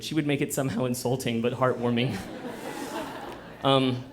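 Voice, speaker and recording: A man's voice: medium pitch, fairly even intonation, normal speed, slight background noise. Man telling a self-mocking story live. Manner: conversational and self-mocking, breaks into laughter. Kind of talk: live first-person storytelling. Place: bookstore event before a live audience.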